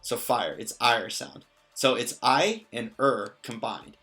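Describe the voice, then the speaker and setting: Male teacher, bright clear voice, patient and jokey, casual explainer, soft music under. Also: mid-range voice, takes it slowly. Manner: patient, explanatory, lightly joking. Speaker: language teacher. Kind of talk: casual lesson explaining a constructed language.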